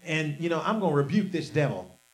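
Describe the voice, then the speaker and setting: A man preaches a storytelling sermon in a sing-song, slightly fast delivery. He swings between low, quiet lines and loud, shouted outbursts while leading the congregation in call-and-response.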